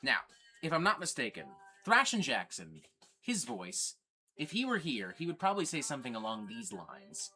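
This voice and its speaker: A man's voice: medium pitch, huge pitch swings, normal speed, bright, forceful tone, slightly rough, soft background music. Profane, rambling male streamer. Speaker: livestream host. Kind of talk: casual livestream chat. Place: record store.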